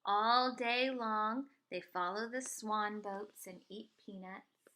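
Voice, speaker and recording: A woman teacher reading a picture book aloud to children, expressive and pointing out the pictures. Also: medium pitch, takes it slowly.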